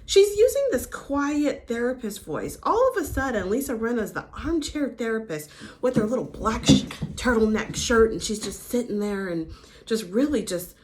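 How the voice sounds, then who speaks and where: A woman's voice: on the high side, big pitch swings, normal speed, a little mellow. A woman giving a casual, outspoken recap of a reality show, opinionated and swearing freely.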